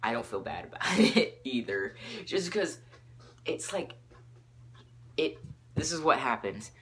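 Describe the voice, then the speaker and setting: A teenage boy hosting his own podcast, rambling excitably from topic to topic with lots of fillers. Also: mid-range voice, a little slow. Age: teens. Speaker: podcast host.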